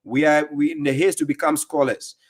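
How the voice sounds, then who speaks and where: Guy on a livestream lecturing and mocking, sarcastic, voice a bit high. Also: steady tone, fairly quick. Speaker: livestream host reacting to clips. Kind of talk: mocking religious commentary.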